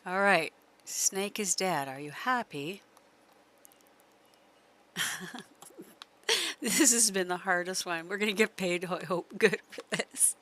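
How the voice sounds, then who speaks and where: A woman's voice: fairly low pitch, slow, pauses often, fairly bright tone, a little hiss or hum. A woman streamer giving chatty live gameplay commentary, laughing often and coaxing her horse along.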